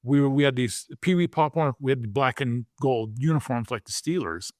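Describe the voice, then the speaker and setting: A man in his sixties, a former pro football player, telling stories as a podcast guest in an animated way, often repeating words and acting out quotes. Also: medium pitch, normal speed, no echo, clean studio sound. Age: 60s. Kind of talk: conversational storytelling.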